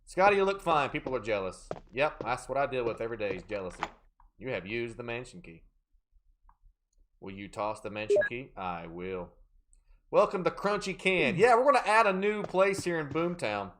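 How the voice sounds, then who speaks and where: A man's voice: medium pitch, big pitch swings, normal speed, fairly bright tone, slight background noise. A man live-streaming a horror game, joking around and reading out and thanking viewers from chat. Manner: joking, playful banter with chat; reads out viewer names and thanks. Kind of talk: casual live gameplay chat.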